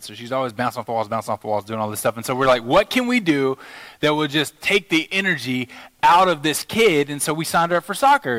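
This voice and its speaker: A pastor giving a sermon in a loose, conversational storytelling manner with many fillers, growing more animated as he goes. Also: medium pitch.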